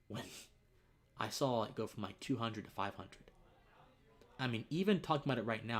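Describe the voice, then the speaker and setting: A young man on his own livestream speaks brisk and animated in a mid-range, slightly bright voice. His earnest personal story leaves him choked up and tearful, his words fading to near whispers.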